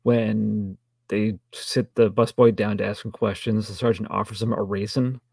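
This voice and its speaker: A man co-hosting a film review podcast in casual chat, low-key with dry, wry remarks. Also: level tone, moderate pace, vocal fry, a little mellow, husky, no room sound. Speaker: podcast co-host reviewing films.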